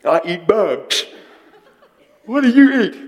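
A man voicing a boastful male frog, slow and exaggerated, from a pulpit in a church hall with a long reverb. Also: sits high, big pitch swings, pitched above the performer's own voice, full character voice. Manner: exaggerated wide-mouthed delivery, slow and loud. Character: boastful wide-mouthed male frog, loud and chirpy.

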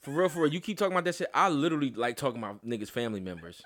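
A man's voice: mid-range voice, very animated, very fast, fairly bright tone. A man co-hosting a casual podcast chat, talking emphatically with lots of slang, profanity and insistent restarts. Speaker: podcast co-host.

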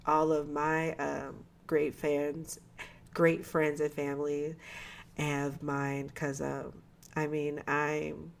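A woman's voice: deep voice, gravelly. A woman co-hosting a podcast in casual chat, cursing freely and acting out quoted voices. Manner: loose, profane and animated, with quoted asides. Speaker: podcast co-host.

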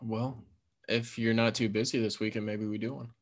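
This podcast co-host is a man with a lowish, level voice at normal speed. He keeps things loose and profane, constantly dropping "like" and "you know" into casual talk.

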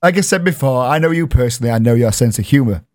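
A man with a Yorkshire accent, chatty and quick to laugh, hosting a live-streamed podcast. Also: medium pitch, lively intonation. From Yorkshire, England. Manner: chatty, laughs often, reads out shout-outs. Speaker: podcast host.

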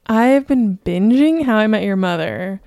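Young American woman with gravelly fry. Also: mid-range voice, animated, measured pace, warm tone, no room sound. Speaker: podcast co-host. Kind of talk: casual chat.

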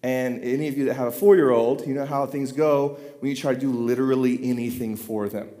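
A pastor in his thirties telling a self-deprecating, animated story from the pulpit. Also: mid-range voice, a little fast. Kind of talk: storytelling sermon. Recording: long hall reverb.

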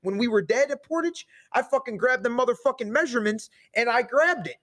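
A man from Indiana, a podcast guest who owns a nutrition shop, telling stories in profane, animated casual chat. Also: extremely high pitch, fairly quick. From Indiana, USA.

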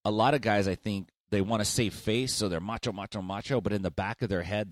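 A man's voice: lowish voice, fairly even intonation, brisk, few pauses, dry recording. A middle-aged man co-hosting a podcast, chatting casually and telling stories with plenty of swearing. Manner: profane, storytelling, chatty. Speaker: podcast co-host. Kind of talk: casual chat.

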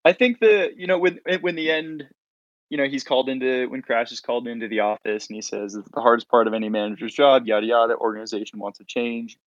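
A man's voice: mid-range voice, fairly even intonation, fast, dry recording. A man from the Sacramento area in casual podcast chat, offering hedged opinions on a dull lo-fi mic. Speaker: podcast panelist.

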